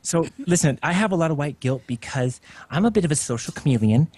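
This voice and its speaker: A man speaking on a headset as a comedy podcast guest, talking in a deadpan, rambling, mock-serious way. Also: fairly high pitch, fast talker, no echo. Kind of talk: improvised comic banter.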